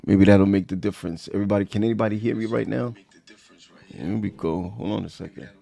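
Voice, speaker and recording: A man's voice: fairly low pitch, fairly even intonation, fast talker, gravelly, warm tone. A man hosting a casual livestream chat, talking loosely and repeating himself. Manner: loose, repetitive, chatty. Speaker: host.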